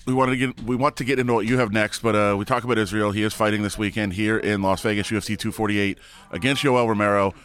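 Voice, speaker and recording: Male host, upbeat and chatty, asking quick questions. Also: lowish voice, fairly even intonation, a bit bright. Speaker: interview host. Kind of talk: casual interview chat.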